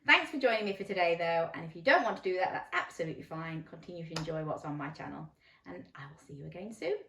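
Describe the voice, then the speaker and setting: A woman reading a bedtime story to children, animated and coaxing, asking them questions. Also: lowish voice, fast talker. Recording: roomy echo, mic at a distance.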